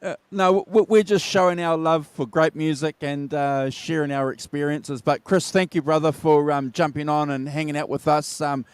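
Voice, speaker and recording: A man's voice: on the high side, steady tone, moderate pace, hardly any pauses, smooth, dry recording. A man with an Australian accent hosting a casual live stream over a video call, upbeat and plugging upcoming shows. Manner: upbeat, wraps up with plugs. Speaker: host. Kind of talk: casual chat.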